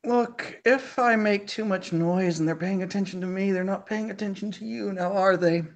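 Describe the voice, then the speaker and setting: A woman in a casual tabletop game session as a player, talking hesitantly with fillers and soft laughs. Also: medium pitch, moderate pace.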